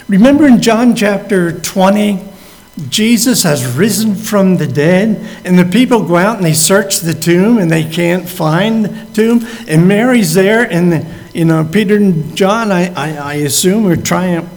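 A man's voice: sits high, expressive, unhurried, creaky, darkish tone. A man preaching a sermon, acting out the figures in the story as he tells it. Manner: acts out the quoted speakers as he tells the story. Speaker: pastor. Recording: long hall reverb.

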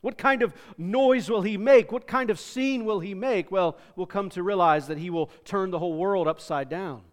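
High-voiced preacher in a reverberant hall. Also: male voice, normal speed, few pauses. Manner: earnest, conversational preaching with repeated words. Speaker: pastor. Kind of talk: sermon. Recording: long reverb of a large hall.

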